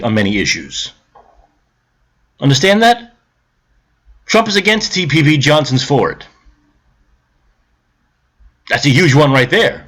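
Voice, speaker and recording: High, animated, profane male ranter. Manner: shouting, profane, lecturing the viewer; calmer, grumbling explanation later on. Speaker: political vlogger. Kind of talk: angry political rant to camera.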